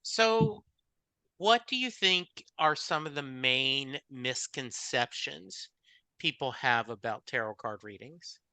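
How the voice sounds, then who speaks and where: Bright, crisp podcast host. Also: mid-range voice, lively intonation, slow pace, dry recording. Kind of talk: interview questions.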